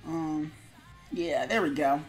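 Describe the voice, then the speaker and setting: Casual woman streamer, slightly low-pitched, chatting loosely with many fillers and mumbles, faint music behind. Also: slow. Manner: rambling, filler-heavy, mumbles while working. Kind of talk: casual live-stream chat while animating.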